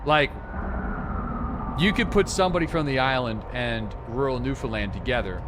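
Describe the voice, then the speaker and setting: A man's voice: medium pitch, moderate pace, noisy background. A young man from eastern Canada, rambling and joking through casual live-stream commentary while he plays. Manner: rambling and jokey, with many fillers. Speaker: gaming streamer.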